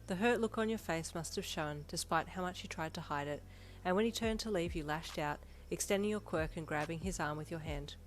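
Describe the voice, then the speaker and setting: A woman reading second-person fanfiction aloud, narrating in a steady, even storytelling voice. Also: fairly low pitch, fairly quick, few pauses, slight background noise. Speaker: fanfiction reader. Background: soft background music.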